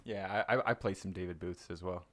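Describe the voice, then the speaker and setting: A man's voice: low-pitched, steady tone, fairly quick, a bit bright. A man hosting a podcast in casual conversation, sympathetic and asking follow-up questions. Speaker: podcast host. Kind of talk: casual interview chat.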